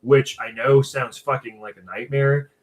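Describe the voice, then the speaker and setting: A man's voice: medium pitch, steady tone, measured pace. A man co-hosting a casual livestream chat, offhand and wry, swearing casually. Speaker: podcast co-host.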